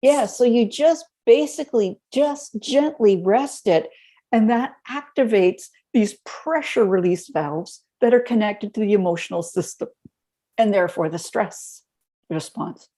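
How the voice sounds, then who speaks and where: A woman as a podcast guest, telling lively stories and explaining health tips step by step in a conversational interview. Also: mid-range voice.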